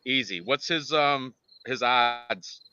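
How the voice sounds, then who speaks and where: A man co-hosting a casual fight-picks show, rambling and excitable with lots of restarts. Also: mid-range voice, slow, clean tone, highs cut off. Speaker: podcast co-host and fight picker.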